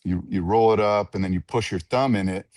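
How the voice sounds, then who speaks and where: Low-voiced man telling lively stories. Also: fairly quick, dry recording, clean studio sound. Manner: animated storyteller who acts out others' voices. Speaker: ring announcer. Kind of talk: casual interview storytelling.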